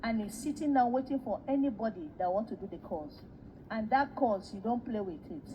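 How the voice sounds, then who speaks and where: A woman preacher recounting a spiritual vision in a sermon. She tells it as animated storytelling, acting out the dialogue and repeating words for emphasis. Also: a little high, fairly quick, dull audio, slight background noise.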